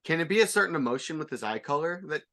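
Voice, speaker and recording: A man's voice: fairly high pitch, animated, racing, pushed and bright. A man bantering playfully in casual tabletop game chat.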